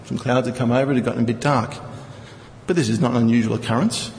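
A man's voice: mid-range voice, steady tone, fast, a little mellow, big-room sound, a little hiss or hum, poor audio. A male preacher teaching from scripture, reading verses and explaining them with rhetorical questions. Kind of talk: Bible teaching sermon.

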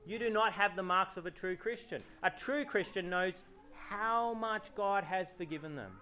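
A man's voice: sits high, normal speed, pushed and bright. A man preaching a sermon in church, reading scripture aloud and asking the congregation rhetorical questions. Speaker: pastor.

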